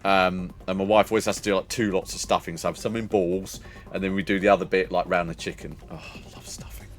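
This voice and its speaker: A man's voice: low-pitched, steady tone, fast talker. An older man, chatting casually with viewers as a streamer, rambling and laughing often. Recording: faint music behind.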